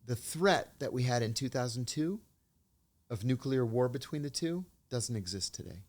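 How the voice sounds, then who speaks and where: A man's voice: medium pitch, expressive, normal speed, darkish tone. Man telling stories in an interview. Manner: anecdotal, acts out quoted dialogue. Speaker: interview guest, former intelligence officer. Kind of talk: storytelling in a conversational interview.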